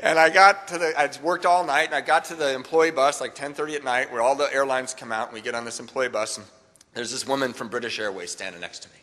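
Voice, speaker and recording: Middle-aged man, bright and a bit high, animated storyteller at a meeting, reverberant hall. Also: quick pace. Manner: animated, jokey storyteller, bursts into shouts. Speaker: speaker sharing his recovery story. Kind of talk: storytelling talk at a recovery meeting.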